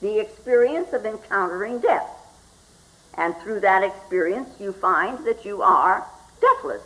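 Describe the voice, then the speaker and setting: An older woman, a Zen teacher, giving a slow, reflective spoken talk and often asking "hmm?" as she goes. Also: mid-range voice, expressive, bright, forceful tone, poor audio. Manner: slow and reflective, with frequent questioning "hmm?" asides.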